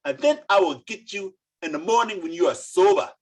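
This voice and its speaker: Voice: very animated, brisk, poor audio. A storyteller voicing a village wife who fusses over her drunken husband and mourns him. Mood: scolding. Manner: high, wailing lament.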